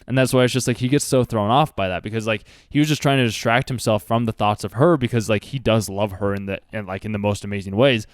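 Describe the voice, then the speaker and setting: A man talks quickly about an anime, drifting into earnest advice and leaning on "like" constantly. His voice is clean and smooth, recorded dry and close with no room sound. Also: lowish voice, no room sound. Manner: rambling, earnest, heavy use of "like". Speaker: anime reaction host. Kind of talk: casual commentary with life advice.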